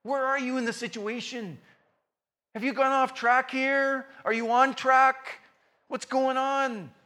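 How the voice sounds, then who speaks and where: A man voicing God, asking slow, searching, probing questions of a man gone off track. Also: very high voice, fairly even intonation, pushed and bright, voice pushed up, exaggerated voice.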